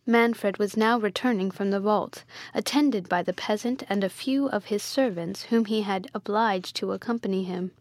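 A woman reads a Gothic novel aloud in a measured, steady way. Her voice sits at a middle pitch, and the recording is dry and close, with no room sound. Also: no room sound. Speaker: audiobook reader.

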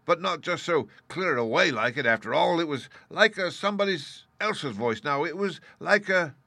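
A man voicing a jittery, superstitious pirate in rough sailor dialect. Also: fairly high pitch, expressive, normal speed, pushed and bright, no echo, voice pushed up. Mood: relieved.

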